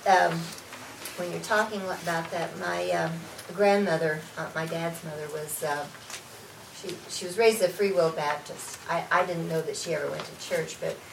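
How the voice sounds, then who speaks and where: A woman in a Bible class telling a family story, speaking hesitantly with pauses. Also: on the low side, vocal fry. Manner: hesitant, with fillers. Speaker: class member. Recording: roomy distant room mic, faint noise.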